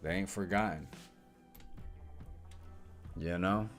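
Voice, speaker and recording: Male co-host, easygoing live chat, very deep voice, reflective. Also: slow, a bit bright, faint music behind. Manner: laid-back, reflective, full of "you know". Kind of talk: casual chat.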